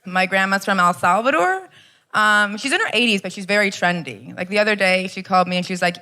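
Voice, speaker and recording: Young American female stand-up, crisp bright tone, brash crowd work. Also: mid-range voice, animated, fairly quick. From Los Angeles area, US. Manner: brash, swearing, crowd-teasing. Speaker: stand-up comedian. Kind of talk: stand-up comedy set. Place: comedy club stage with live audience.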